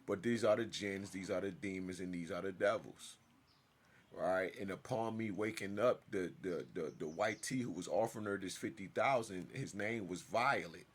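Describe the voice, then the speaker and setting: Husky man telling an intense story. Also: low-pitched, moderate pace. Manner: animated, emphatic, swings from loud to hushed. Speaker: storyteller vlogger. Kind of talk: casual storytelling monologue.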